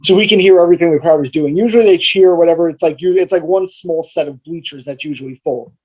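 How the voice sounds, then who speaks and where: A man's voice: on the high side, fast talker, a little mellow, poor audio. A young man, a college radio announcer, telling a rambling story with lots of fillers in a casual podcast chat.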